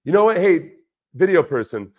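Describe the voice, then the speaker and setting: With a voice that sits high and moves in a sing-song way at normal speed, a man hosts a casual livestream about football and rambles through reactions to viewer chat. He used to play football. His studio dynamic mic runs through a budget audio interface, yielding dull lo-fi audio with dropouts.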